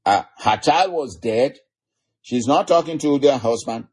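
A man's voice: medium pitch, lively intonation, a little slow, a little mellow, breathy edge. A man preaching a sermon, retelling scripture stories with frequent chuckles. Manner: storytelling, chuckling often.

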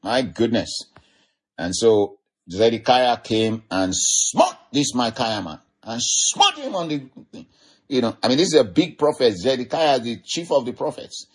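A man's voice: mid-range voice, lively intonation, measured pace, husky. A man giving an informal sermon, retelling a Bible story in a rambling, conversational way full of "you know". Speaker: preacher.

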